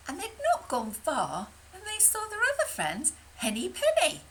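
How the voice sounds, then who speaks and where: Animated woman telling a children's tale. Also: fairly high pitch, unhurried, a little hiss or hum, rough recording. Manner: animated, slips into soft whispers. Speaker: storyteller. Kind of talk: reading a children's tale aloud.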